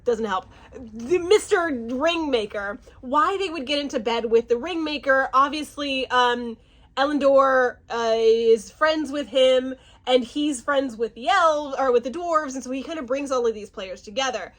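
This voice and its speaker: A woman giving a casual, animated reaction review, often restarting and stumbling over names. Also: high-pitched, measured pace. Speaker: fantasy series reviewer.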